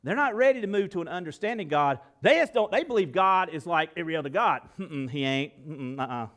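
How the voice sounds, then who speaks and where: A man preaching a sermon to his congregation in a church. He talks in a folksy, animated way, swinging between loud and soft, and often asks the room direct questions. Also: a little high, a little fast. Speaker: pastor. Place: church sanctuary.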